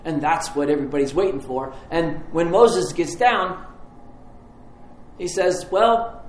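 A man's voice: fairly high pitch, a little slow, a little hiss or hum. A man preaching a sermon as pastor, telling stories in a conversational, vivid way. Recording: roomy hall, faint ambience.

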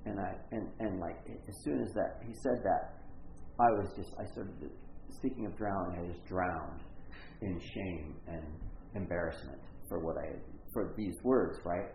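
A man's voice: low-pitched, measured pace, creaky, darkish tone, slight background noise. A man preaching, telling a rambling, self-mocking story full of stops and restarts. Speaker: pastor. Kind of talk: storytelling sermon. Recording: echoey, muffled room recording.

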